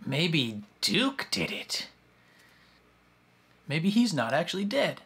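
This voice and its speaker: With the movie's soundtrack playing faintly behind, a host reacts to the film in a lively, chatty way, guessing at where the plot is going. The slightly rough, mid-range voice moves slowly.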